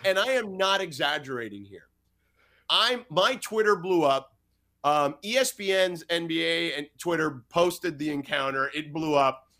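A man from the United States who works as a sports reporter, guesting on a podcast. His voice is bright and sits a little high, and he tells stories with lively energy, slipping into the voices of the people he quotes. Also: measured pace. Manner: lively anecdote-teller who acts out quoted dialogue. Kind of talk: storytelling in a podcast interview.

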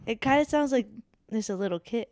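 A woman guest comedian on a casual podcast, trading sarcastic deadpan jokes. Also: fairly high pitch, fairly quick, no echo, studio quality.

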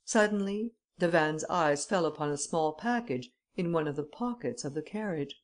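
Low-voiced woman reading an audiobook. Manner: measured, expressive storytelling. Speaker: audiobook reader. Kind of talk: scripted narration.

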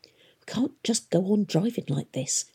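A woman's voice: medium pitch, animated, brisk, a little mellow, slightly rough. A woman voicing a worried female servant muttering in a whisper, in an audiobook. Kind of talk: audiobook character voice.

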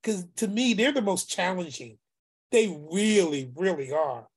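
Gravelly, husky man telling a story. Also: high-pitched, measured pace. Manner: emotional, animated, acts out dialogue. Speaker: group call participant, former youth worker. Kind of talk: heartfelt storytelling among friends.

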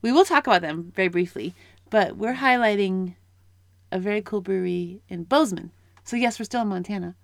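A woman co-hosting a casual podcast, cheerful and quick to tease and cut in. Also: medium pitch, vocal fry, no room sound, clean studio sound. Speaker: podcast co-host. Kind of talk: casual chat.

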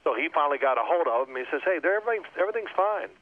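A man, a former quarterback, telling animated locker-room stories as a radio interview guest. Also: a little high, racing, no room sound. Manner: animated storyteller acting out coaches' shouting. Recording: tinny phone line.

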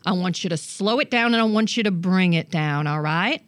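A woman's voice: on the low side, moderate pace, no room sound. A woman hosting a comedic dating advice show, coaching a guest in a brash, bossy way. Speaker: host.

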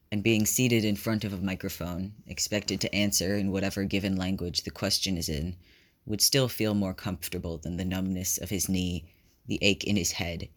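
Deep-voiced man reading a story. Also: a bit bright. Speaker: reader. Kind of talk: reading fan fiction aloud.

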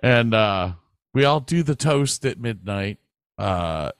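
A man's voice: on the low side, expressive, slow, clean tone, no echo, studio quality. A man co-hosting a podcast, telling rambling stories in casual chat and swearing freely, with a northern US accent. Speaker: podcast co-host. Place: Texas.

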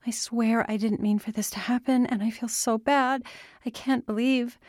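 A woman's voice: on the low side, mellow, no echo, clean studio sound. A woman voicing a distraught young woman pleading with her father in an audiobook. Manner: urgent, pleading, rapid questions.

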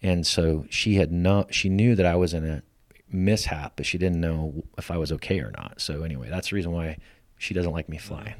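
Deep guy in his 50s, guest on a chat show, animated storyteller, dry sound. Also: a little fast, few pauses, no echo. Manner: lively storyteller who acts out quoted lines. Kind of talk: storytelling in casual conversation.

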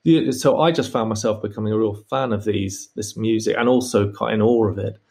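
Man, lowish voice, guest recounting his music days with animated storytelling. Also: a little fast. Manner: storytelling, acts out quoted voices. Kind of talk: animated anecdote.

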